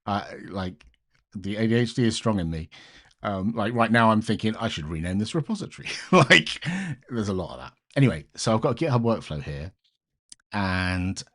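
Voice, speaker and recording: A deep-voiced, middle-aged British man live-streaming his coding session. He rambles in a relaxed, chatty way, breaking off mid-thought to answer viewers. The sound is close and plain, like a desk microphone. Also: moderate pace. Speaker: live-streaming open source maintainer. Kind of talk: casual live-stream chat while coding.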